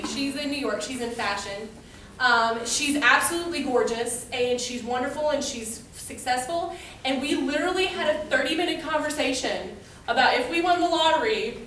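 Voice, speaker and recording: A young woman with a high, bright voice gives a casual devotional talk to a youth group, rambling chattily through stories with plenty of fillers. She is picked up from far off in a strongly echoing room, with slight background noise.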